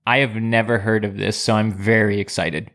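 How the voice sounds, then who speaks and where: A man co-hosting a casual podcast chat, playful and quick to tease. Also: lowish voice, flat delivery, a bit bright. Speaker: podcast co-host.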